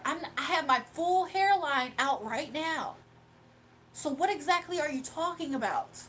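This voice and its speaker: A young woman with a high voice hosts a casual livestream, talking straight to her chat. She sounds combative and mocking as she brushes off critics. A faint room ambience sits under her webcam mic. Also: a bit bright, slight background noise. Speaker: livestream host.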